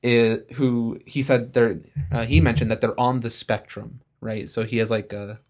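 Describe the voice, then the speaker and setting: A man's voice: mid-range voice, level tone, moderate pace, darkish tone. A man co-hosting a podcast, chatting loosely about a film he just saw, with lots of fillers. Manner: loose, filler-heavy movie talk. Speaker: podcast co-host. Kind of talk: casual chat.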